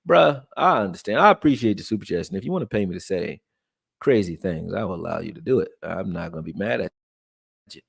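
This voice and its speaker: A man from Texas, raised in Philadelphia, breaking down football film and reading chat on a live stream in a loose, profane, animated way. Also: low voice, fast talker, vocal fry, breathy edge, dry recording, clean studio sound. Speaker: sports commentary streamer.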